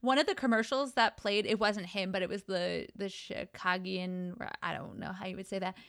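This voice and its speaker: A woman's voice: medium pitch, steady tone, normal speed, vocal fry, fairly bright tone, no echo, studio quality. A woman co-hosting a casual tech podcast, playful and teasing, often laughing. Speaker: podcast co-host.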